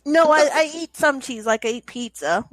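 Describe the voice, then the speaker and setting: A woman's voice: high voice, lively intonation, moderate pace, no echo. A woman co-hosting a casual podcast, giving blunt and emphatic opinions. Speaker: podcast co-host. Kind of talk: casual chat.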